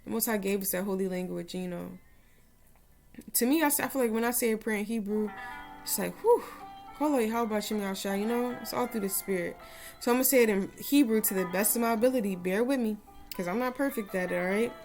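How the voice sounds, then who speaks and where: A woman's voice: mid-range voice, fast, gravelly, darkish tone, faint music behind. Earnest rambling woman giving devotional advice. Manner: earnest, rambling, full of "you know" asides. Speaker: religious vlogger giving advice to women. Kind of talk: casual devotional talk with a spoken prayer.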